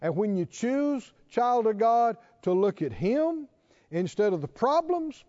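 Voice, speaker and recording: A high-pitched man preaching with passion, his voice swooping up to emphatic peaks. He speaks slowly, with a mellow, warm tone. The recording is dull and lo-fi, with a long reverb trail. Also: big pitch swings. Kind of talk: sermon.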